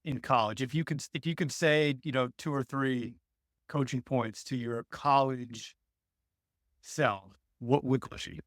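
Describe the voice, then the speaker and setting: A man's voice: mid-range voice, a little slow, dry recording, clean studio sound. A man hosting a podcast interview, asking thoughtful questions in an affirming way. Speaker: podcast host.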